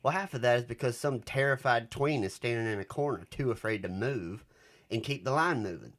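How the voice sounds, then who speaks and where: A man's voice: mid-range voice, a little fast, a bit bright, natural voice. A man voicing a male haunted-house fan reading his own review, in an emphatic, lecturing Southern US accent.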